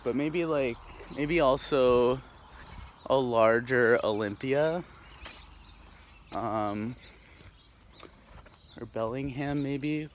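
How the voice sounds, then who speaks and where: A man's voice: mid-range voice, drawn-out words, long pauses. A young man from the Pacific Northwest, vlogging casually while walking through a neighborhood, rambling with lots of fillers and restarts. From Tacoma, Washington, USA. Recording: faint outdoor background noise.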